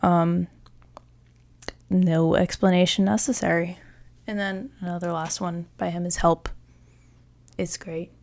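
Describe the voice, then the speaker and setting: A woman's voice: fairly low pitch, level tone, unhurried, creaky, pauses often, a little mellow. A young woman hosting a solo podcast, answering listener questions in a chatty, self-mocking, jokey way. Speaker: podcast host.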